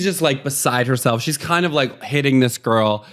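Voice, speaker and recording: A man's voice: mid-range voice, fairly bright tone. Rambling man retelling a movie plot. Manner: rambling, acts out characters in quick snatches. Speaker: podcast co-host.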